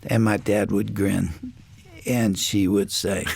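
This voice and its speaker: A male radio host telling a family story in an unhurried, reflective way, often pausing with "uh.". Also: fairly low pitch, little pitch movement, gravelly, darkish tone, slightly rough. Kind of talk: storytelling in a studio conversation.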